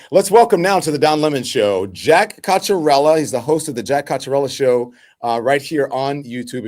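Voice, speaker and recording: A man hosts a live political talk show in a lower voice. He is animated, sometimes slows to search for words, and fills gaps with ums and you-knows. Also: dry recording, studio quality. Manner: animated, laughing, with many fillers. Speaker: host.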